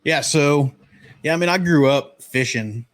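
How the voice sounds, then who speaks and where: A man in his thirties from the northern United States, telling relaxed childhood stories in a casual podcast talk. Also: on the high side. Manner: relaxed storytelling, drawn-out memories. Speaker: podcast host.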